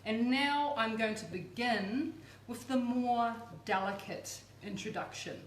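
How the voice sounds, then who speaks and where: A woman hosts a cooking demonstration in a fairly high voice, chatty and full of playful asides. Her voice rings around a roomy kitchen with a faint hum of background noise. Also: slow. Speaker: cooking show host.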